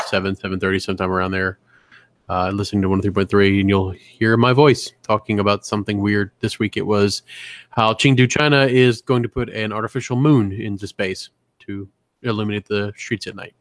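A man's voice: lowish voice, fairly even intonation, brisk, no echo. A man co-hosting a podcast, chatting loosely with lots of fillers and swearing. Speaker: podcast co-host. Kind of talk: casual banter.

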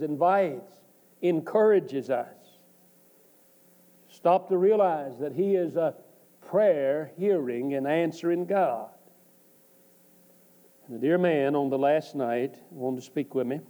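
A man preaching a sermon, speaking slowly and deliberately with pauses. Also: fairly high pitch, dark tone.

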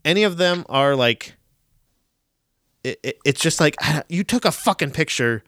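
A man's voice: a little high, expressive, normal speed, fairly bright tone, dry recording. Guy rambling about stuff, swears a lot, keeps restarting, dead dry mic. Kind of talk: casual chat.

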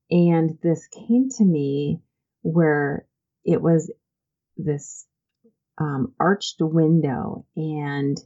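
A woman's voice: sits low, warm tone, muffled recording. A woman interview guest telling heartfelt stories about her church volunteer work, earnest and full of "um"s and restarts. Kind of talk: conversational interview storytelling.

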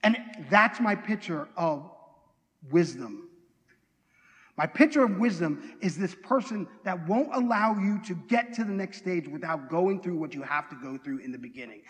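A man preaching a sermon, telling stories in an animated way, with restarts and self-deprecating asides. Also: high voice, moderate pace, big-room sound.

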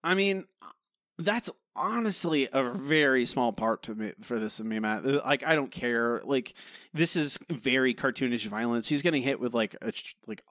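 A man co-hosts a podcast, critiquing an episode in rambling, casual chat full of fillers and restarts. His voice is medium-pitched and a bit bright at normal speed, with a dry recording and clean studio sound.

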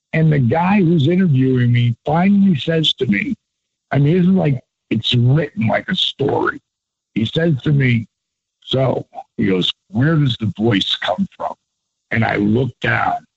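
Gravelly-voiced man telling stories animatedly. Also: medium pitch, no echo. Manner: animated, acts out quotes with voice shifts; loose and profane. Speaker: interview guest. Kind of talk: casual storytelling. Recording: dull lo-fi, dry.

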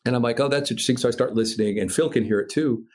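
Animated American man telling a story. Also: medium pitch, fast talker. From United States. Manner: animated, profane, acts out voices and sound effects. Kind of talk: casual storytelling.

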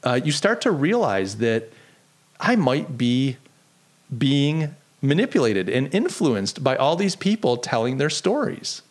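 A man's voice: medium pitch, sing-song, measured pace. A man hosting a solo podcast, talking in an earnest, conversational way with frequent restarts. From United States. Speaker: podcast host.

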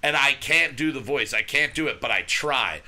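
A man's voice: medium pitch, animated, normal speed, bright, forceful tone. A man in his thirties chatting casually on a podcast, rambling and self-deprecating. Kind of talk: casual chat.

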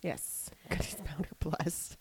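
A woman's voice: sits low, slow, creaky, breathy edge, no echo. A woman, co-hosting a podcast and tossing in wry quips with frequent laughter. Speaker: podcast co-host. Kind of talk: casual chat.

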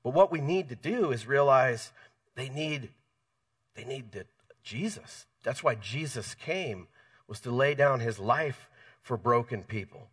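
An emphatic man preaching a sermon at a middle pitch, hammering key phrases again and again and restarting his sentences. He sits a little away from the microphone, so his voice comes across distant. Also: lively intonation, a little slow, fairly bright tone, slightly rough. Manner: emphatic, repeats key phrases, frequent self-corrections. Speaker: pastor.

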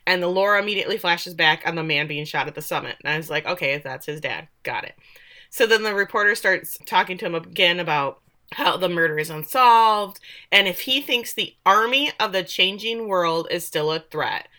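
A woman recaps a TV episode for her podcast co-host in a bright, clear voice. She is animated and sarcastic and swears casually as she tells the plot. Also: lowish voice, fairly quick. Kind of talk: casual chat.

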